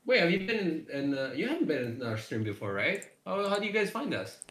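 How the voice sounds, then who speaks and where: A man talks through a casual live stream with a bright, forceful tone. He rambles from one thought to the next, leaning on fillers and quick laughs, and his voice rings in a roomy, echoey space. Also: a little high, big pitch swings. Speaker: game developer streaming live.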